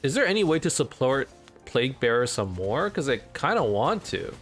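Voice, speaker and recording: A man hosting a let's play, casually commenting on his game in an excitable, rambling way. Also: mid-range voice, moderate pace, soft background music.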